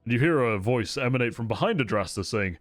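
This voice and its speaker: Expressive male game master narrating. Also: medium pitch, fast talker, dry recording, soft background music. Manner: descriptive, storytelling, expressive.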